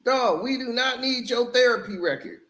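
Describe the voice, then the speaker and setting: A man with a high voice tears into an album in a loose, casual rant. He is blunt and scornful and laughs often, and his voice rings in an echoey room. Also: normal speed, a bit bright. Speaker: album reviewer. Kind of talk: casual music review rant.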